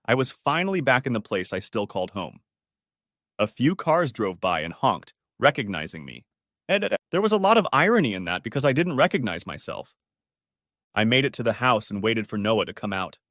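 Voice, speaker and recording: A man narrating a dramatic first-person story in an expressive storytelling manner. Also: fairly low pitch, no room sound, clean studio sound. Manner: expressive, switching between characters' first-person accounts.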